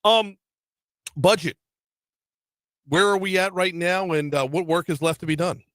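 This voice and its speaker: Energetic radio host man, dry studio sound. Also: sits high, measured pace, no room sound. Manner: energetic, chatty, repeats words at the start of sentences. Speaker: radio talk show host. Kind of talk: radio interview.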